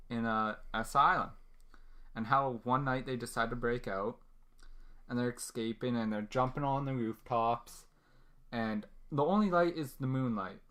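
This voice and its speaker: A man co-hosting a casual podcast, retelling a story in an easygoing, unhurried way. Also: medium pitch. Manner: retells the story at a slow, relaxed pace. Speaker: podcast co-host.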